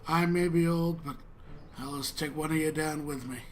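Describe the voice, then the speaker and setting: A man's voice: a little high, fairly even intonation, normal speed, a little hiss or hum, lightly acted. A man voicing an old human father, defiant and protective, with blunt, stubborn speech. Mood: threatening.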